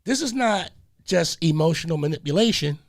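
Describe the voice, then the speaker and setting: A male community radio host with a high, gravelly voice. He talks in a preachy way, repeating phrases and breaking off with hold on, wait a minute. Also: animated, normal speed.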